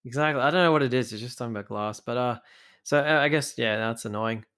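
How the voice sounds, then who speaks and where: A man's voice: medium pitch, fast, fairly bright tone, clean tone. A man co-hosting a podcast in casual chat, easygoing, with lots of fillers and restarts. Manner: easygoing, full of fillers and repeated starts. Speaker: podcast co-host.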